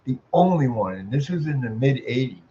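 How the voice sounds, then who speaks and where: A man in his sixties with a voice he calls squeaky, ranting bluntly and swearing a lot as he comments. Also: lively intonation, fairly quick, dark tone, slight background noise. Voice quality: self-described squeaky voice. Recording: muffled lo-fi audio.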